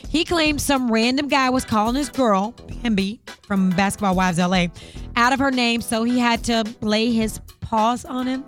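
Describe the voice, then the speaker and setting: A woman reporter running an entertainment news segment on a morning radio show, brisk and chatty. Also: a little high, soft background music. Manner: brisk, chatty delivery of headlines.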